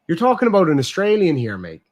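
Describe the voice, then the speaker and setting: A young man hosting a casual chat, explaining slang in a profane, animated way. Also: on the high side. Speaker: streamer host.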